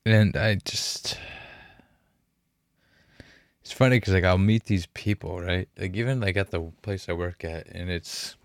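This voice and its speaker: Deep-voiced young man, halting and profane. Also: dry recording, clean studio sound. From Canada. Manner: halting, profane, full of fillers and restarts. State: emotional, sighing. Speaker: podcast host. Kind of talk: candid emotional podcast talk.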